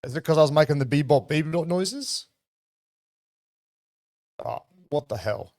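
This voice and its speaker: An Australian man hosting a livestream, talking in a rambling, excitable and profane way. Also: on the high side, measured pace, no echo, studio quality. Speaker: livestream host. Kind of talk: casual livestream commentary.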